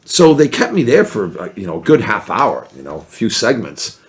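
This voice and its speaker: A man spins a story in relaxed podcast chat, his pitch leaping around as he acts out the people he quotes. He talks in an animated, lively way. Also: normal speed. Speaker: podcast guest. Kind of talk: casual storytelling.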